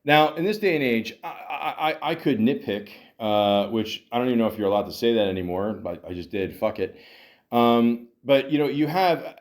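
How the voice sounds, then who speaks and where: A middle-aged Canadian man hosts a podcast in a mid-range, darkish voice at a moderate pace. He rambles through hockey talk packed with swearing, fillers and restarts.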